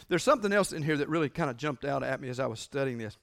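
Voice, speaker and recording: A man preaching a sermon as pastor, emphatic and repetitive, swinging between loud declarations and hushed lines. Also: on the high side, animated, quick pace, gravelly, few pauses.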